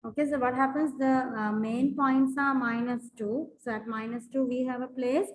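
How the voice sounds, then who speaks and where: A woman's voice: sits high, steady tone, normal speed, low-quality recording. A woman teaching a maths lesson in a classroom, repeating herself with fillers and restarts, and often asking whether the students follow. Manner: repetitive, with many fillers and restarts. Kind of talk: classroom lesson explaining graphs.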